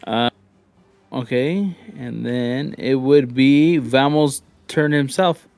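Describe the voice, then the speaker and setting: A man's voice: medium pitch, slow, vocal fry, darkish tone, no echo, soft background music. A man narrating a live tabletop game as game master, in a loose, rambling, joking way.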